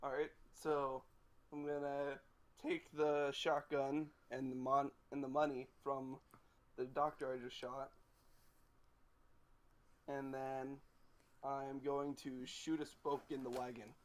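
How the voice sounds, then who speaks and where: A man's voice: mid-range voice, flat delivery, slow, pauses often. A man playing a tabletop role-playing game, stating his character's actions in a plain, matter-of-fact way. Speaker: player. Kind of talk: casual tabletop game play.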